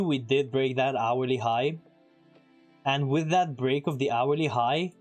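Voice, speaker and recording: A man giving casual live-stream commentary as he trades, chatting with viewers and throwing in quick asides. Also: mid-range voice.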